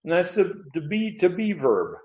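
A man delivering a sermon in a measured teaching voice, stopping often on "uh" and leaning hard on key words. His voice carries through a roomy, echoing space, and the recording sounds a little dull and muffled. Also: sits high, very animated. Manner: teaching with emphatic pauses, frequent "uh" fillers. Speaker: preacher. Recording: dull, echoey room sound.

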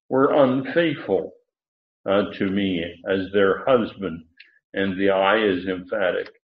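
A man gives a slow, unhurried Bible lesson, stopping often and restarting his sentences. His voice sits a little low. The sound is thin and phone-like, and it echoes around the room. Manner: halting, many fillers and restarts, stresses emphatic words. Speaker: Bible teacher. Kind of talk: verse-by-verse Bible teaching.

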